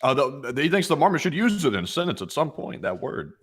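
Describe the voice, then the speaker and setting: A man's voice: on the high side, big pitch swings, fast, a bit bright, slightly rough. A male co-host in casual chat, reading out viewer messages in a plain, easygoing way. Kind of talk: casual live-stream chat.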